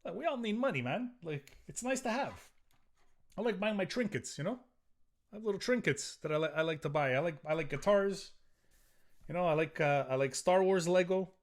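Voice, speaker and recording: Profane ranting man, fairly high voice. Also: expressive, fairly quick. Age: middle-aged. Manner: profane, ranting, rambling with restarts. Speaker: podcast host. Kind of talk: solo podcast rant.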